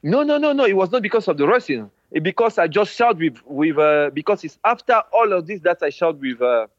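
A man's voice: high voice, sing-song. Guy telling old football stories, broken english, kinda muffled lo-fi sound. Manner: halting non-native English, vivid retelling. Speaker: former footballer telling his story. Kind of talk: recounting memories in an interview. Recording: dull lo-fi sound.

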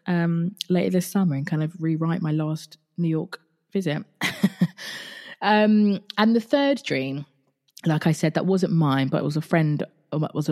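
A woman's voice: deep voice, vocal fry, a little mellow. A woman hosting her own podcast, speaking candidly in casual solo talk, often swearing and breaking off her own sentences. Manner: candid, swears freely, self-interrupting. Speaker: podcast host.

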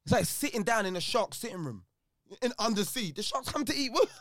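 High-voiced man arguing animatedly. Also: brisk, no echo. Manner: animated, argumentative, slang-heavy. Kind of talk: casual chat.

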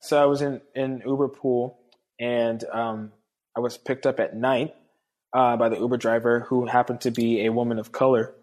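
A man's voice: mid-range voice, level tone, normal speed, darkish tone. A man telling a long personal story in casual conversation, earnestly acting out the dialogue of the people in it. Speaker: guest.

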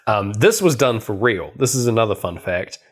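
Lively low-voiced man recapping a film. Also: normal speed. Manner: chatty, laughing, lots of fillers. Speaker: podcast co-host. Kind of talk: casual film recap chat.

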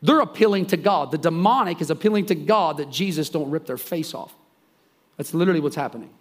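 A man preaching a sermon, retelling a story with lively voices for the people in it and big swings between soft and loud. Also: fairly quick. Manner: animated, acts out the characters' lines with swings in pitch and volume. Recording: soft guitar music behind the voice.

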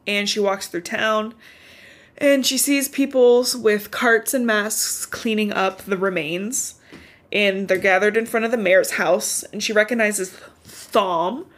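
A podcast co-host casually recaps a novel's plot, swearing freely and filling her storytelling with "like." Her mid-range voice is slow and a bit bright.

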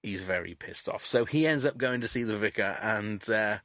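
A man's voice: fairly low pitch, moderate pace, a bit bright, dry recording. A man chatting casually as a podcast co-host, recounting scenes and acting out lines from a comedy episode. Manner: recounts scenes, quoting lines in playful put-on voices.

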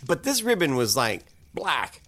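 A man drawing out a mock-scary tale at an unhurried pace, letting his pitch swoop widely for effect. His build-ups are deadpan and playful, typical of improvised comedy storytelling. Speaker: storyteller host.

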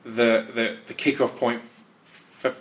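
A man hosting a casual interview, speaking haltingly with frequent restarts. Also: medium pitch, little pitch movement. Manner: halting, restarts often, many agreeing yeahs.

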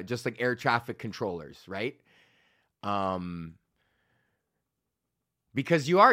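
A man's voice: medium pitch, a bit bright. A young man hosting a podcast, ranting in a rambling, profane way and often laughing at himself. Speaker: podcast host. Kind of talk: casual ranting monologue.

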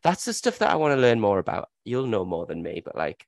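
A man co-hosting a podcast in casual, excitable chat and swearing freely. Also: lowish voice, a little fast, gravelly, no room sound. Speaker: podcast co-host.

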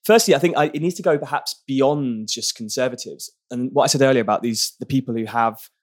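A man's voice: medium pitch, fairly quick. A man from Britain being interviewed on a podcast, speaking earnestly and thoughtfully with frequent restarts. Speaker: barrister and activist guest.

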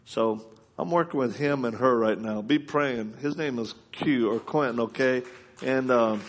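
Male preacher, conversational sermon, animated and colloquial delivery, mid-pitched voice. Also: unhurried, slight background noise. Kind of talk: storytelling sermon.

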